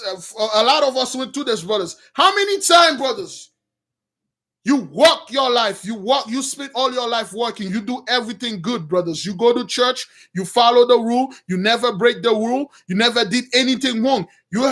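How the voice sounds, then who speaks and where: A man's voice: very high voice, fairly bright tone. A man giving an informal sermon, retelling a story and calling his listeners brothers, with many fillers and restarts. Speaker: preacher.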